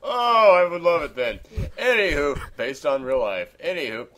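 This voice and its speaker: A man's voice: fairly high pitch, big pitch swings, normal speed, fairly bright tone. Rambling, joking male podcast host. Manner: joking, rambling, says "anywho" a lot. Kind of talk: casual chat.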